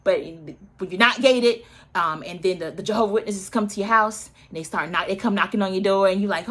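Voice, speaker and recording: Bright-voiced woman in her thirties, chatty. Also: lowish voice, quick pace. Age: early 30s. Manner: chatty and opinionated, with asides to viewers. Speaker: reality TV recap host. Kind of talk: casual recap chat.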